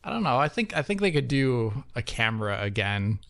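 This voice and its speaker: A man's voice: medium pitch, very animated, a little fast, a bit bright. A man chatting casually as a panel co-host, easygoing.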